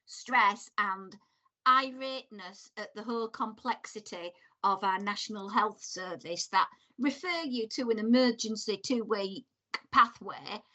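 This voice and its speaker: A woman's voice: a little high, bright, forceful tone. A woman co-hosting a podcast, chatting animatedly and telling stories with exasperation. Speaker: podcast co-host. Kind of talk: casual chat.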